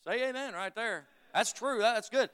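A man's voice: extremely high pitch, normal speed, a bit bright, smooth. A male pastor preaching a fervent sermon, repeating phrases and calling for amens from the congregation. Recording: long reverb of a large hall.

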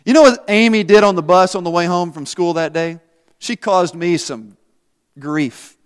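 A man's voice: sits high, moderate pace, smooth. A male pastor giving a conversational sermon in church, asking the congregation questions and joking at his own expense. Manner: conversational, asks the congregation questions, self-deprecating humor. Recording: long reverb in a church hall.

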